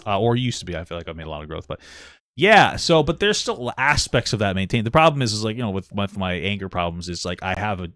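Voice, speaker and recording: Man, 30s, podcast co-host, blunt and profane, fast talker, dry room. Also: on the low side, no room sound. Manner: blunt and profane, self-deprecating, animated swings in loudness. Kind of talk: casual chat.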